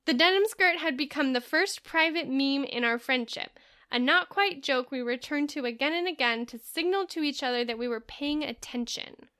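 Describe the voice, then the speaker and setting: A woman's voice: high voice, moderate pace, sharp tone. A woman co-hosting a podcast, reading a passage aloud and chatting with enthusiasm. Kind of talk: casual chat, reading aloud from a book.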